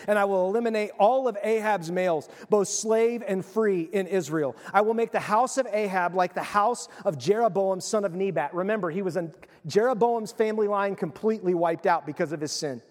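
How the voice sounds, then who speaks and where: A man preaching a sermon, retelling a Bible story with animated, casual acted-out voices. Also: high-pitched, brisk, big-room sound. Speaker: pastor.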